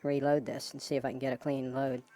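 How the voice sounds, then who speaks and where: A man hosting a casual live stream, talking in a relaxed, chatty way to viewers he calls folks. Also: mid-range voice, quick pace. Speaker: host.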